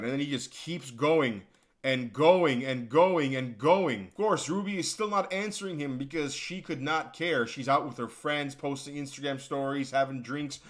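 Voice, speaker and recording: A man's voice: mid-range voice, fairly bright tone. A young man giving sarcastic, mocking reaction commentary for an online video. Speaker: commentary youtuber.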